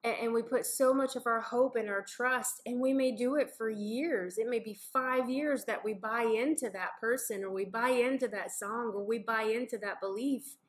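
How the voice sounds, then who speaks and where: A woman's voice: on the high side, normal speed, few pauses. A mother talking earnestly and reflectively in a casual faith conversation, acting out little scenes as she goes. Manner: earnest, reflective, acts out quotes vividly. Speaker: mother and co-host of a family faith podcast.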